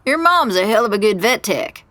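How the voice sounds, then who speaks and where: A woman voicing a gruff, curt middle-aged male stable manager with a central Kentucky accent, in a one-reader audio drama. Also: medium pitch, expressive, moderate pace, a bit bright, no echo, natural voice. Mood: blunt. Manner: curt, irritated.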